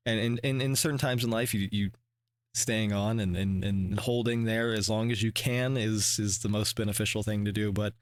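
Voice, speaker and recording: A man hosting a reaction video, talking in a casual, rambling way with many restarts and fillers, and swearing when he gets animated. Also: lowish voice, moderate pace, dry recording. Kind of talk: casual reflective commentary.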